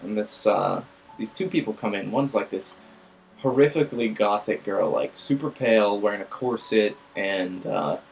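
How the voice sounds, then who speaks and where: A man's voice: lowish voice, creaky, low-quality recording. A young man casually telling a rambling, profane story to his viewers. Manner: rambling, filler-heavy, profane. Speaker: vlog host.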